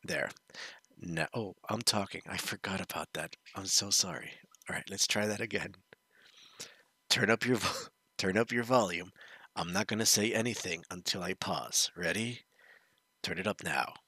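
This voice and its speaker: A man with a low, gravelly voice chats casually to his viewers as a video host. His tone is bright and forward but a little husky. The sound is dry and close, with no room echo. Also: normal speed. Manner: chatty, addresses viewers directly, sometimes drops to a whisper. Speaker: video host reacting to a web series. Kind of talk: casual reaction commentary.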